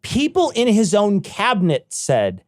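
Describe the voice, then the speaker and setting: A man's voice: sits high, unhurried, dry recording, clean studio sound. A man co-hosting a podcast, chatting casually and jokingly about politics with lots of swearing. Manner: profane, joking, animated. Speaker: podcast co-host.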